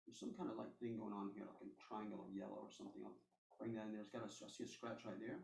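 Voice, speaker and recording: A man's voice: on the low side, level tone, fast, gravelly, a little mellow, echoey room, distant mic, rough recording. A man teaching a live airbrush painting demonstration, talking casually and reassuringly as he works. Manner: casual, reassuring, thinks aloud while working. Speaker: art instructor.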